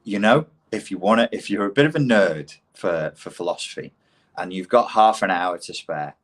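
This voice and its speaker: A man's voice: low voice, normal speed. A man from Liverpool talking casually on a livestream Q&A about philosophy, rambling and emphatic with the odd swear word. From Liverpool, England. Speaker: online philosophy and self-help talker.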